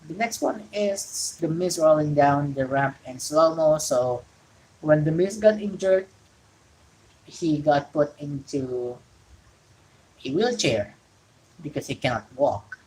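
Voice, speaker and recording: A woman's voice: sits low, lively intonation, slow pace, long pauses, darkish tone, poor audio. A woman from Indonesia, an English speaker, hosting a casual solo wrestling talk show from home and rambling with frequent self-corrections. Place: home during rain.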